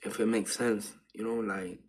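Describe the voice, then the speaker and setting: A man with a husky, breathy voice talks straight to camera in an easy, rambling vlog. He tells his story in loose street slang, slipping into hushed asides and then building into excited retellings. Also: on the low side, moderate pace. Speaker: vlogger. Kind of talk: casual spiritual storytelling monologue.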